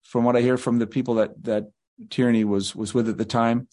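A man's voice: medium pitch, level tone, a little fast, warm tone. A male guest author telling rambling anecdotes in an interview, slipping into quoted voices.

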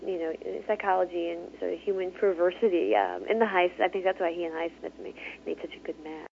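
A woman's voice: fairly low pitch, lively intonation, a little fast, creaky, slight background noise. Author guest woman laughing on a phone line. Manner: chatty, laughs often, many fillers. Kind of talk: casual interview talk.

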